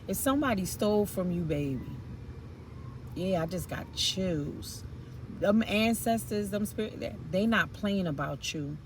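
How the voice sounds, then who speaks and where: A woman's voice: medium pitch, expressive, measured pace, background noise. Chatty, blunt woman tarot reader. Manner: chatty and blunt, with frank slang and swearing. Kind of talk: casual tarot reading chat.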